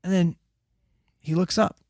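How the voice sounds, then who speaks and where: A man's voice: sits high, unhurried, no room sound, clean studio sound. Swearing man telling a wild story. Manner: profane, animated, acts out quotes. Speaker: podcast co-host telling a story. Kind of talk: casual storytelling chat.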